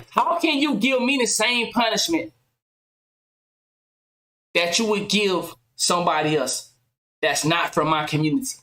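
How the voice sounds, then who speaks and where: A woman hosting a podcast, talking loudly and passionately, firing off rhetorical questions in casual commentary. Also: high-pitched, reverberant, poor audio. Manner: loud, impassioned, rhetorical questions. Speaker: podcast host.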